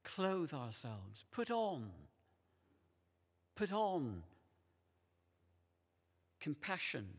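A man preaching a sermon in a church, slow and deliberate, repeating key words for emphasis. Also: on the high side, fairly bright tone. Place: large church. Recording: long church reverb.

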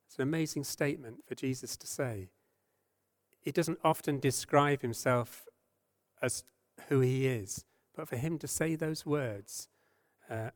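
Gentle, earnest male preacher. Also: medium pitch. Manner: softens and slows when quoting scripture. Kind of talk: sermon.

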